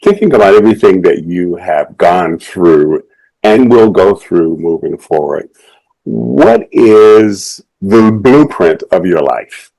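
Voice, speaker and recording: A man in the audience asking the guest measured, earnest questions, with a few hesitant fillers. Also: low-pitched, expressive, gravelly, warm tone, dry recording, low-quality recording.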